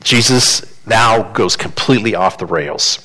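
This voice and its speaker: A man preaching a sermon, animated and asking his listeners questions. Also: on the low side, a little slow. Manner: animated, asks the congregation questions. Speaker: pastor.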